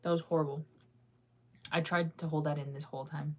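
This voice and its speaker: Chatty young woman, slightly low voice. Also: little pitch movement, a little fast, a little mellow. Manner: chatty, laughs often, sings snippets off-key. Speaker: livestreamer reading comments. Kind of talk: casual chat with viewers.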